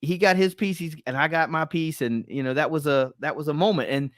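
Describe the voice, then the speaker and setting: Middle-aged host, relaxed rambling interviewer, dry close sound. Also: male voice, fairly high pitch, brisk, dry recording. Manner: friendly, rambling questions, laughs easily. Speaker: podcast host. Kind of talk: casual podcast interview.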